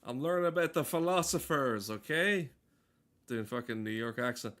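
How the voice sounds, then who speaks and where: A man doing an exaggerated, profane impression of a brash New York guy, loud and dismissive. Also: medium pitch, expressive, normal speed, lightly acted. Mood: mocking.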